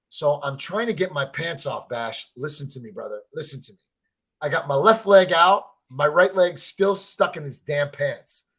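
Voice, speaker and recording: Husky, rambling man. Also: a little high, pushed and bright. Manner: rambling storyteller, repeats words, swears freely. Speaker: co-host of a fan reaction stream. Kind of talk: excited casual chat.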